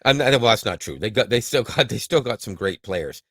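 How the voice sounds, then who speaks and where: Man from Canada, podcast co-host, loose joking chat; low, lively voice. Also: brisk, slightly rough, no echo, studio quality. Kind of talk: casual chat.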